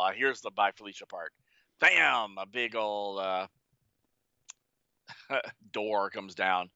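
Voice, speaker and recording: A man's voice: medium pitch, unhurried, pushed and bright, clear, resonant tone, no room sound, dull audio. Jokey man recapping casually. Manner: jokey, wry asides. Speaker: podcast co-host.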